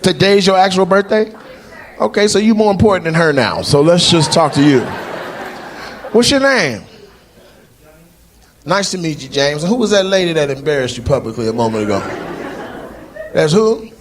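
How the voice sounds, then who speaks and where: A man doing stand-up crowd work on a club stage, teasing audience members with brash remarks that rise to loud shouts. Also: a little high, animated, normal speed, long pauses, poor audio. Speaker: stand-up comedian. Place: comedy club stage before a live audience. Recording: live club recording with crowd noise. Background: audience laughter and crowd noise.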